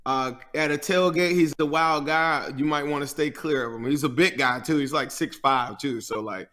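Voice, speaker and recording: A man's voice: fairly high pitch, moderate pace, pushed and bright. An American man, a guest who hosts a podcast, chatting easily about football with many fillers. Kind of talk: casual sports chat.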